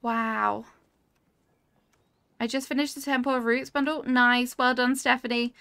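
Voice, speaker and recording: A woman's voice: high-pitched, takes it slowly, creaky, pauses often, pushed and bright, clear, resonant tone, no room sound. A woman streaming a cozy building game, gushing over viewers' builds and reading chat aloud in casual talk. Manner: gushing, easily delighted, reads chat aloud. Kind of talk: casual livestream chat while playing.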